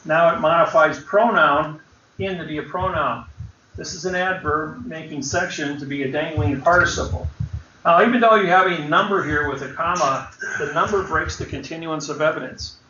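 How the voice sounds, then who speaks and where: Male seminar lecturer, emphatic and crisp-toned, on a dull lo-fi distant room recording. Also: on the high side, normal speed, bright, forceful tone, roomy sound, slight background noise. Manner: emphatic, explains word by word. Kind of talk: classroom lecture.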